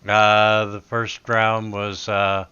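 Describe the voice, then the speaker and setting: Very slow-talking male game master. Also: lowish voice, completely flat delivery, pushed and bright, smooth. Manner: halting, with many filler sounds. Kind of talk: running a tabletop game online. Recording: dull lo-fi recording.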